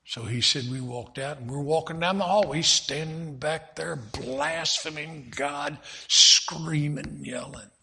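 Male preacher, sermon storytelling, folksy and animated, gravelly edge. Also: a little high, slow pace, hardly any pauses. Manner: folksy, animated, retells with many quotes.

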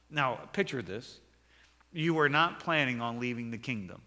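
A pastor preaching a sermon, earnest and building to emphatic, raised passages with repeated words. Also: male voice, medium pitch, expressive, moderate pace, bright, forceful tone. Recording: long hall reverb.

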